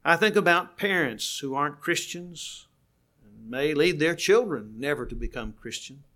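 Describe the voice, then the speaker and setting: An older man preaching a sermon, earnest and slowing down to stress key words. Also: a little high, expressive, sharp tone.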